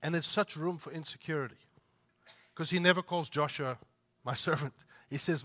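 A man's voice: on the high side, normal speed, a bit bright. A man preaching a sermon, emphatic, repeating his points and asking the listeners rhetorical questions. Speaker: pastor.

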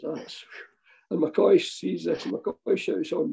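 A man's voice: sits high, steady tone, slow, creaky, mellow, rough recording. An older man with a Scottish accent, a former football manager telling rambling anecdotes with chuckles and restarts. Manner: chuckling, rambling with restarts, acts out voices in quotes. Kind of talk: anecdotal storytelling.

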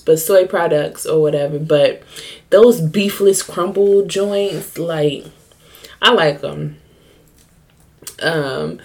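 A woman's voice: deep voice, a little mellow. A young woman hosting her own podcast, chatting candidly and profanely in a joking, storytelling way. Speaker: podcast host. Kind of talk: casual solo podcast chat.

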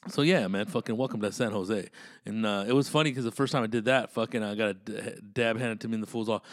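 A man's voice: lowish voice, fast, no echo. Guy rambling on his podcast, cussing nonstop, super dry close sound. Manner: profane, rambling, laughs often, slips into voices. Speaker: comedian podcast host. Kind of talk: casual rambling podcast monologue.

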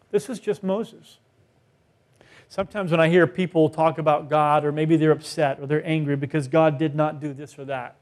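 A man's voice: sits high, darkish tone. A middle-aged male pastor giving a conversational sermon, asking rhetorical questions and acting out quoted voices.

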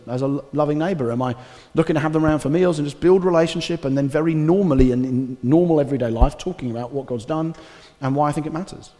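Conversational pastor preaching in a hall. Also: male voice, on the high side. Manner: conversational, animated preaching with asides. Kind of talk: sermon. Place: church hall. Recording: reverberant church hall.

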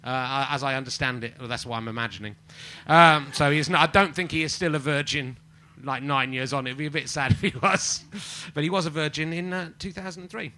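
A man's voice: a little high, brisk, hardly any pauses. Self-mocking man hosting a live comedy podcast. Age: 40s. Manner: rambling, self-mocking, bursts into shouting. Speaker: podcast host. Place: live venue with audience.

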